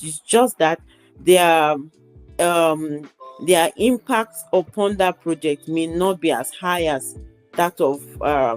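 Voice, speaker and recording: A woman's voice: fairly low pitch, a little mellow. A woman student answering a question in an online class over a video call, with many restarts and fillers.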